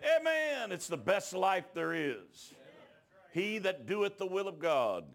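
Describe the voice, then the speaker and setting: A man preaching a revival sermon, telling folksy stories and building up to shouts. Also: a little high, big pitch swings, slow pace, vocal fry. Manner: folksy rural talk that rises into shouting. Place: church.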